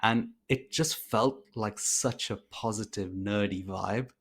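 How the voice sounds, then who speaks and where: Low-voiced enthusiastic podcast co-host man. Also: takes it slowly, a bit bright, slightly rough. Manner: enthusiastic, rambling with fillers. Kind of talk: casual chat.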